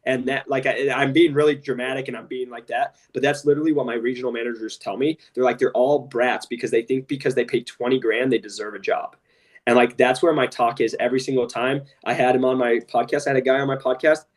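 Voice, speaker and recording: A podcast co-host with a mid-range, steady voice talks quickly in casual conversation, recorded from a distance. He's blunt and impassioned, often saying "literally" and "straight up."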